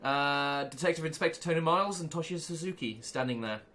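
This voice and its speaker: A man narrating as game master, relaxed and hesitant, with many fillers. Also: on the high side, fairly quick.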